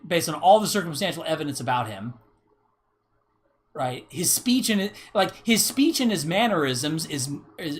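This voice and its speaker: Fairly high-pitched and a little bright, this male livestream host rambles and repeats himself in a casual rant. He keeps leaning on "right?" to punctuate his points and curses frequently.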